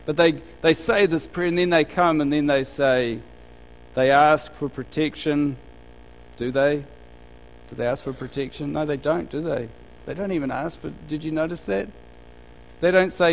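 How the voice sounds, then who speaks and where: Speaking a bit slowly with long pauses, this pastor has a slightly high, creaky voice, captured on a rough recording with some hiss or hum. His church sermon is conversational, full of rhetorical questions to the congregation, and he voices quoted people in a livelier tone.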